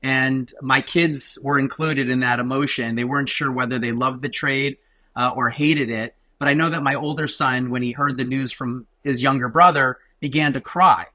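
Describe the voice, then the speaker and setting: Bright-voiced man telling a story. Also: medium pitch, moderate pace, dry recording. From Arizona. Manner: animated storyteller, acts out quoted voices. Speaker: guest, lawyer. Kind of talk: storytelling on a podcast.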